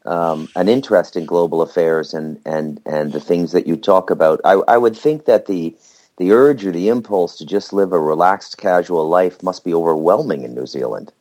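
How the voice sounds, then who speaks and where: A man from Canada with a very deep voice, talking in a casual group chat. He speaks hesitantly and leans on fillers. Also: moderate pace, darkish tone.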